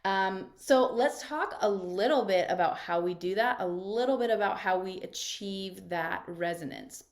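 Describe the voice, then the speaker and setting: A woman coaching voice and confident speaking in a live online class, heard through a video call. Her delivery is encouraging and chatty, with frequent check-ins. She sits at a middle pitch for a woman. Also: a little slow. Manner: encouraging, conversational, checks in with "right?".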